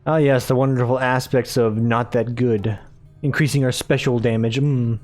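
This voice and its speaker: A man's voice: medium pitch, steady tone, moderate pace, a little mellow. A man talks his way through a game run in a casual, rambling commentary style. He drifts into chatty asides and pokes fun at himself, with faint music underneath. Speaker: gaming video host. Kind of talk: casual let's-play commentary.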